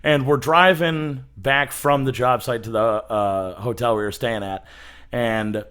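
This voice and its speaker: A man's voice: medium pitch, steady tone, unhurried, fairly bright tone, clear, resonant tone. A man on a podcast as a guest, casually telling family stories with lots of swearing and laughter. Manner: laid-back, heavy swearing, laughs through his stories. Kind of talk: casual storytelling chat.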